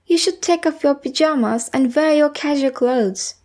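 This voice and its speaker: A woman's voice: high-pitched, normal speed, a little mellow, natural voice. A woman voicing a patient, caring mother who soothes and calls others honey.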